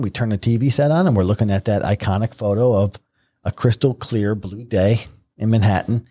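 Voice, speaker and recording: A middle-aged man from New York, guesting on a podcast, spins his stories in a deep, husky voice. He acts out the quotes as he goes, which keeps the telling lively. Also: brisk. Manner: vivid, animated retelling with acted-out quotes. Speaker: guest, retired Marine helicopter pilot. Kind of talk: conversational storytelling.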